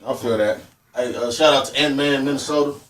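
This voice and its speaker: A man hosting a podcast, bantering loudly with lots of laughter and swearing. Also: medium pitch, brisk, slight background noise. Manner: loud, laughing, animated banter with frequent swearing. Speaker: podcast host. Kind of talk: casual interview chat.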